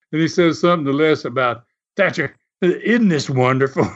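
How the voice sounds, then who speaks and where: A man's voice: fairly high pitch, a bit bright. Older guy spinning old wrestling stories, laughs a lot, kinda muffled. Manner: chuckling, anecdotal, folksy. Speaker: former pro wrestler. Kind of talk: storytelling interview. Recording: muffled recording.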